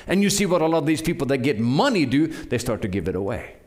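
Lively, urging male preacher. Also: medium pitch, quick pace. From Norway. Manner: animated, urging preaching with frequent restarts. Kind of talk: sermon.

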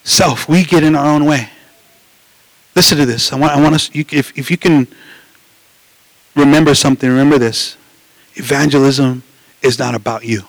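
A man preaching a sermon in an animated way, with frequent restarts and asides to the listeners. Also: medium pitch, moderate pace, long pauses, no room sound, poor audio. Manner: animated preaching, acts out voices, many restarts and "right?".

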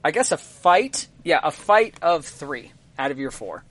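A man with a somewhat high voice narrates a tabletop game as its game master. He stops often, filling gaps with ums and uhs as he sets each scene. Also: sing-song, fairly bright tone. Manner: halting, full of ums and uhs.

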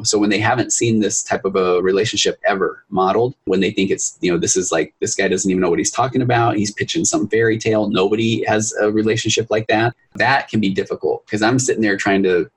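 Fast-talking husky therapist man. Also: on the low side, poor audio. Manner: fast, animated storytelling, acts out clients' voices. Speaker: marriage and family therapist, guest. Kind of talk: podcast interview.

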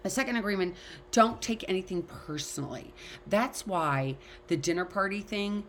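A woman's voice: mid-range voice, expressive, normal speed, fairly bright tone, a little hiss or hum. A middle-aged woman talking casually and candidly to an online class, speaking her mind and swearing freely. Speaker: class teacher. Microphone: video call.

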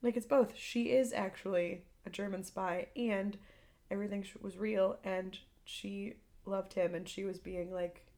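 A woman co-hosting a podcast, chatting casually about movies with lots of fillers and quick retellings. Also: medium pitch, steady tone, mellow. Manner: chatty, lots of "like", acts out quotes. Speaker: podcast co-host. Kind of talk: casual chat.

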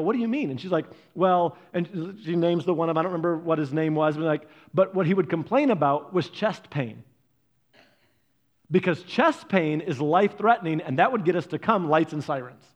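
A man preaching a sermon, telling family stories and acting out the voices of people in them. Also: high voice. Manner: animated storytelling, acts out family members' voices. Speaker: pastor.

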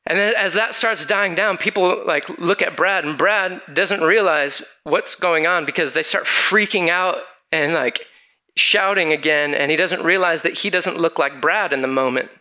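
A man preaching in a storytelling sermon, his voice very bright and slightly higher than most. He acts out the people he quotes and keeps the story moving for the room. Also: normal speed.

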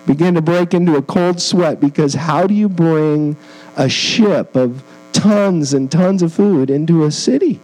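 A man's voice: a little high, a little slow, darkish tone, rough recording. A man, a missionary preaching as a guest in a church, telling a personal story with earnest feeling and self-deprecating humor. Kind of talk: storytelling sermon.

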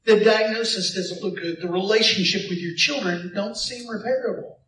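A man preaching a sermon as pastor, animated, with call-and-response to the congregation and playful asides. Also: high voice, normal speed, roomy sound, distant mic, a little hiss or hum, poor audio.

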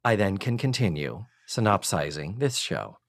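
Man, very lively pitch, dry mic, exasperated joking podcast recapper. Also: moderate pace, gravelly, no room sound. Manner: animated, exasperated, swears for effect. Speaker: podcast co-host. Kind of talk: casual chat recapping a TV show.

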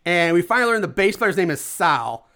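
Man, high-pitched, bright tone, casual podcast chat, movie recap, laughs a lot, swears casually. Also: sing-song, brisk.

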